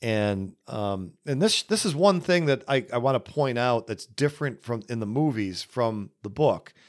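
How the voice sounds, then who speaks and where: A man hosting a podcast, giving casual solo film commentary in an unhurried, musing way with many pauses. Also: mid-range voice, expressive. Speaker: podcast host.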